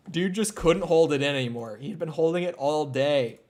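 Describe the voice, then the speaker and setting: Here the Minnesota streamer's voice sounds a little high with a darkish tone, moving at a moderate pace. He's a young man giving casual, rambling commentary on a video game, cursing a lot and leaning on "like" as filler.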